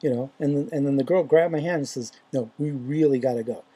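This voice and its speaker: Very dark, husky-voiced faith vlogger. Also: medium pitch, fast talker. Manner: rambling, hesitant, many fillers and restarts. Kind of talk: casual dream retelling.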